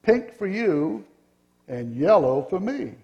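A man voicing a yellow wooden figure who confidently explains everything in a storybook reading. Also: high-pitched, sing-song, slow, vocal fry, long reverb tail, highs cut off, heavily acted. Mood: insistent. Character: know-it-all yellow wooden male figure.

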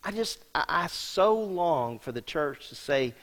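A man preaching a sermon as senior pastor, emphatic and talking straight to the congregation, dropping from loud to hushed. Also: on the high side, animated, a little slow. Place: church sanctuary. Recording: long reverb of a large hall.

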